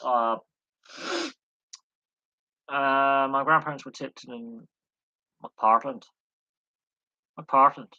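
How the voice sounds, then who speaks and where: Bright-voiced rambling man chatting live. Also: mid-range voice, steady tone, takes it slowly, pauses often, no echo, lo-fi sound. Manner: rambling, wanders off on tangents; self-mocking, chuckles at himself. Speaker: live stream host answering chat. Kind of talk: casual live Q&A chat.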